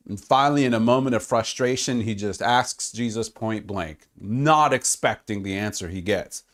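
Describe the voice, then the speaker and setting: A man preaching a sermon, swinging between loud exclamations and hushed, quiet stretches. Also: on the low side, normal speed. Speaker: pastor.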